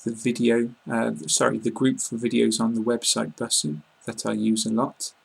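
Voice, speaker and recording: A man with a southern English received-pronunciation accent explains pronunciation to learners. His voice is strongly gravelly and somewhat husky. He speaks in an even, flat tone, calmly and plainly, filling his pauses with ums and uhs. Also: medium pitch. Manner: calm, plain explaining with frequent fillers. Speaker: English teacher. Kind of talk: online lesson.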